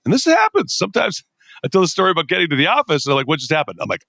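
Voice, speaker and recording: Lively storytelling man, dry close sound. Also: fairly high pitch, racing, creaky, dry recording. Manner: energetic storyteller who acts out his own inner dialogue. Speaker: podcast guest. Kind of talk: conversational podcast interview.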